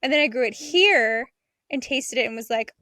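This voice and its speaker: A young adult woman talks gardening in a casual podcast chat, bubbly and eager. Her voice is fairly high and crisp, with a bright, forward edge. The sound is close and dry, with no room around it. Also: animated, moderate pace, no echo. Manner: chatty and enthusiastic, laughs between thoughts. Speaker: podcast co-host and homesteader.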